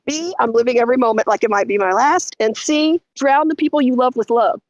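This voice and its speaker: Animated middle-aged Texan woman, bright. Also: fairly quick, dry recording, highs cut off. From Texas. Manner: animated, vivid storytelling with lots of pitch swings. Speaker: guest. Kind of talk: storytelling interview.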